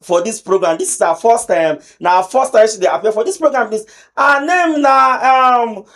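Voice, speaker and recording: A man's voice: very high voice, moderate pace, fairly bright tone. A man with a Nigerian accent hosting a pidgin talk show in a studio, chatty and teasing, with many fillers. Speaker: host.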